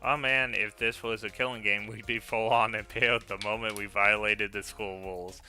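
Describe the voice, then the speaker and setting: A man's voice: fairly low pitch, little pitch movement, normal speed, pushed and bright, soft background music. A man streaming a video game, chatting casually and hesitating often with fillers and restarts.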